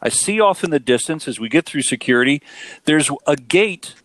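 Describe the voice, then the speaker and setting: A middle-aged man hosts a relaxed talk show and spins a story with plenty of drama. His pitch swings widely as he builds each moment. The sound is close and dry. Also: normal speed, dry recording. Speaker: podcast host. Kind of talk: casual storytelling chat.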